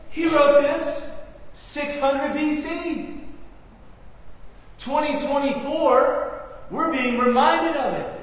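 A middle-aged man preaching a sermon, acting out quotes and swinging from loud to hushed. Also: high-pitched, slight background noise. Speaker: pastor. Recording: echoey hall, voice from far off.

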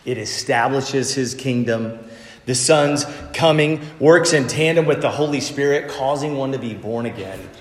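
A man preaching a sermon as pastor, emphatic, with lively swings from loud stress to soft, near-whispered asides. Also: medium pitch, normal speed, roomy sound, big-room sound.

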